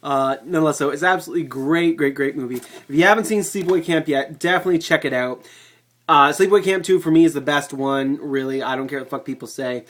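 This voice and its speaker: A man giving a casual movie review vlog to a webcam, excitable and rambling, swearing freely. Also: fairly high pitch, fast talker.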